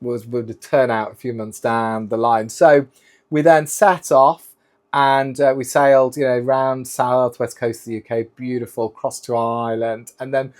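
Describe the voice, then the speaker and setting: A middle-aged man, a guest in a casual interview, talks at an ordinary pitch. He tells long, rambling anecdotes, one thing after another. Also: fairly even intonation, measured pace. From United Kingdom. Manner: rambling anecdotal storytelling, strung together with "and then". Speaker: guest, keynote speaker and former sailor.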